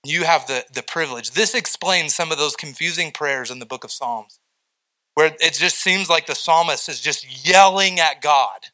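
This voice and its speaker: A middle-aged man, a pastor, preaching a sermon with animated storytelling and acted-out quotes. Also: on the high side, normal speed, poor audio.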